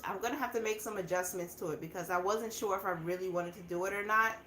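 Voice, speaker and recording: Her voice sits on the low side with a slightly bright quality. She's a livestream host from the southern US, chatting casually and laughing often in a laid-back session with viewers, recorded in an echoey space with faint background noise.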